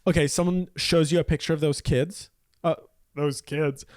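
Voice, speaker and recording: A man's voice: a little high, steady tone, a little mellow, slight background noise. A man co-hosting a podcast who teases, giggles often and jumps into silly voices. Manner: giggly, teasing, quick to laugh. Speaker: podcast co-host. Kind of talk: casual comedic chat.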